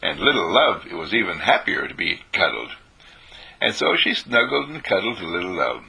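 A man giving an informal spiritual talk, telling stories and repeating phrases for emphasis, clearing his throat now and then. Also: deep voice, sing-song, moderate pace, sharp tone.

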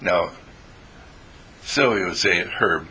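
A man's voice: mid-range voice, very animated, measured pace, creaky, sharp tone, slightly rough. An older man giving a folksy, meandering spiritual talk to a small group, playful and chatty.

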